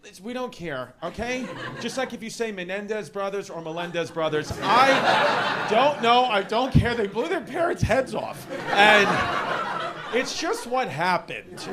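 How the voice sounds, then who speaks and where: A man with a New York accent doing a rambling, animated stand-up set in a comedy club, shouting some punchlines. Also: high voice, a little slow. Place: comedy club with a laughing audience. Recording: live club recording with audience noise.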